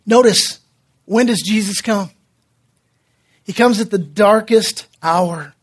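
A middle-aged man preaching as a pastor, telling personal stories and acting out voices in a casual, lively way. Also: high voice, slow, long pauses, slightly rough. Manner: personal storytelling, dramatic quoted voices, casual asides. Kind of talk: sermon.

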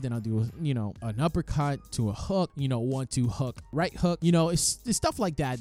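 Guy telling his boxing story, kinda high voice, acts out all the voices, faint music in the back. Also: dry recording. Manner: animated, acts out quotes, swears freely. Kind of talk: casual storytelling.

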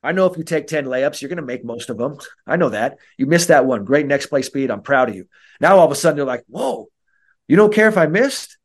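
Animated man coaching on mental skills. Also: medium pitch, quick pace. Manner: animated, acts out kids' and coaches' voices. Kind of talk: podcast interview.

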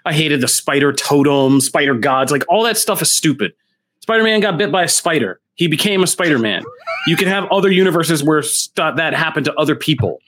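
A man co-hosting a casual comic book chat, blunt and opinionated in a steady way. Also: fairly high pitch, a little fast, slight background noise. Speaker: comic book podcast co-host.

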